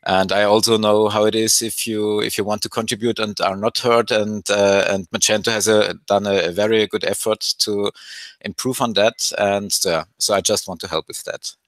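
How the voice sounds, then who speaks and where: A man's voice: lowish voice, fairly even intonation, normal speed, fairly bright tone, no room sound. A man whose first language is German, answering interview questions in a hesitant, casual way over a video call. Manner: hesitant, many fillers and restarts. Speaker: guest maintainer.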